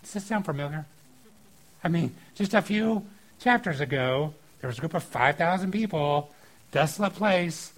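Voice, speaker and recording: A man preaching a casual sermon on a scripture passage, informal and animated, breaking into acted-out quotes. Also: high voice, rough recording. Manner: informal and animated, acting out quotes with filler likes.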